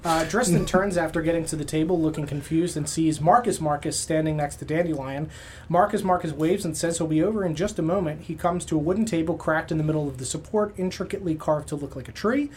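A man's voice: fairly high pitch, fast talker, slight background noise. A man acting as game master, recapping the last session casually with many filler sounds.

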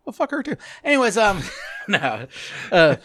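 A man's voice: sits high, very animated, unhurried, a bit bright, dry recording, clean studio sound. A man hosting a podcast, chatting loosely and rambling with lots of swearing and laughs. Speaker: podcast host. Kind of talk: casual profane chat.

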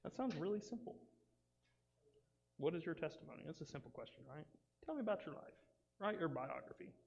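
Animated man preaching to youth. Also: fairly high pitch, fairly quick, creaky. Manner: animated, acts out friends' voices in quotes. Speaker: youth pastor. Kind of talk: casual youth sermon. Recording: dull sound with long reverb in a hall.

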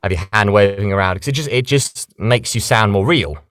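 A British man, a voice actor, chatting casually in an interview and explaining things in a lively, animated way. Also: on the low side, brisk, no room sound, clean studio sound. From Britain. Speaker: voice actor guest.

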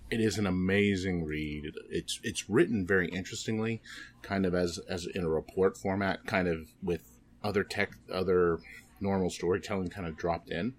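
A man talking casually on a podcast, halting and full of ums and restarts. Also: low voice. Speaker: podcast guest.

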